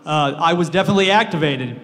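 A man giving a personal testimony in a halting way, with many pauses and restarts. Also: a little high, animated, fairly bright tone. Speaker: guest speaker sharing testimony. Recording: hall with long reverb.

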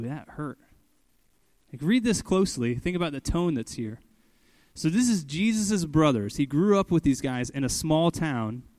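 A young adult man teaching through a Bible passage in a loose, conversational way, tossing in "like" and "okay" as he goes. His voice sits a little high for a man. The recording is dry and close, with almost no room sound. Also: no room sound. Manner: conversational, frequent "like" and "okay", animated quoted voices. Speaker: pastor.

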